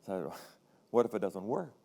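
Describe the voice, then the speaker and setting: A man's voice: lowish voice, sing-song, normal speed, gravelly, dark tone. An older man, a retired pastor, preaching a sermon in a conversational way, telling personal stories and acting out the voices of people in them.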